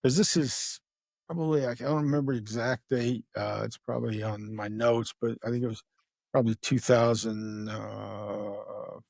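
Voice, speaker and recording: A middle-aged man talks through an old case in a loose, rambling way, full of fillers. He slips into the voices of the people he quotes. His voice sits at an ordinary pitch, and the sound is dry and close. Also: little pitch movement, normal speed, gravelly, a little mellow, no echo. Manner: rambling, acts out quoted dialogue, many fillers. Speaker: retired homicide detective, guest. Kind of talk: casual true-crime storytelling.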